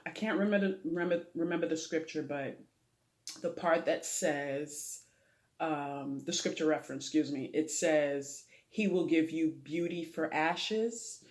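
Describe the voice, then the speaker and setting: A woman's voice: low voice, unhurried, a little mellow. A woman guest on a talk show who talks earnestly about faith, prayer and her late father, giving advice the way a preacher would. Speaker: interview guest. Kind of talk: heartfelt testimony in a talk show interview.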